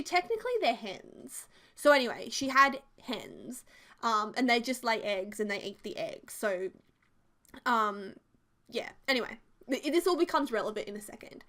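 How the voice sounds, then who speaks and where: A woman, casually telling a story, chatty and animated with lots of "like". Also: fairly high pitch, normal speed. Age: 20s. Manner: chatty and animated, heavy use of "like". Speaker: video creator. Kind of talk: casual storytelling over a build video.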